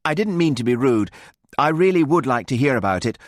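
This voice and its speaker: A man doing a harsh, sharp-tongued young woman. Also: medium pitch, expressive, no room sound, clean studio sound, pitched above the performer's own voice, natural voice. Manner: harsh, fast, needling delivery.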